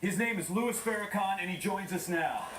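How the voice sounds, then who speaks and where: A man's voice: high-pitched, normal speed, distant mic, natural voice. A man playing an enthusiastic, agreeable male morning-show host in a sketch comedy impression. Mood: eager. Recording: roomy studio, from off mic, audience noise.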